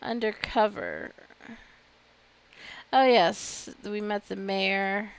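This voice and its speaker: A woman giving casual, wry commentary while playing a game, chatty and quick to laugh. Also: mid-range voice, gravelly, clear, resonant tone. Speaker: game streamer. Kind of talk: casual let's-play commentary.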